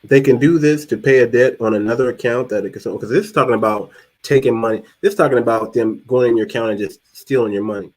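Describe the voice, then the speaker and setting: A man's voice: mid-range voice, fast, poor audio. Man hosting a live talk show. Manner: thinks aloud while searching online. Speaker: podcast host.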